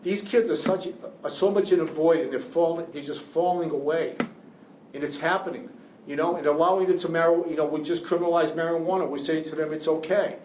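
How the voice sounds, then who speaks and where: A man speaks to a class with raw, rambling passion, stumbling and restarting as his feeling runs high. His voice sits a little high for a man and rings in an echoey room. A faint hiss sits under it. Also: fairly even intonation, fairly quick, a little mellow, distant mic. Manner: emotional, impassioned, rambling with restarts. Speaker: juvenile defense attorney, guest speaker. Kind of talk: classroom talk to law students.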